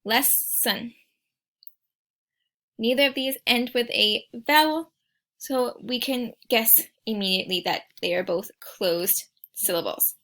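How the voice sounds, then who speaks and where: A woman teacher giving a recorded spelling lesson, speaking patiently and sounding out each word slowly and clearly. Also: a little high, a bit bright.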